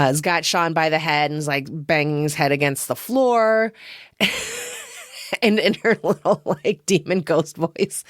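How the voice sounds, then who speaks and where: A woman with a somewhat low, smooth and clear voice hosts her podcast, reviewing a film casually. She rambles, chuckles often and pokes fun at herself. The sound is close and dry. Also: no echo. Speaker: podcast host.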